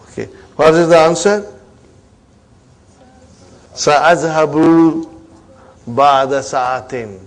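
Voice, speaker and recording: A man teaching an Arabic grammar class, coaxing students along, drilling terms slowly and checking they follow. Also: a little high. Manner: coaxing, repeats "huh?" and "are you with me" to check students.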